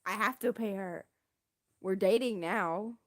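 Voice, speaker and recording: A woman's voice: medium pitch, a little slow. A young woman streamer telling a story in a casual, rambling, self-deprecating way, full of slang.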